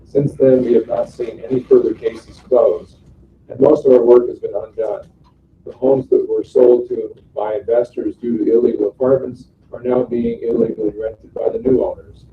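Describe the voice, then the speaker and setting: A man, a city official, reading a letter aloud at a council meeting in a steady, plain way. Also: mid-range voice, normal speed, creaky, a little hiss or hum. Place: council chamber. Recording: roomy, distant, dull meeting-room audio.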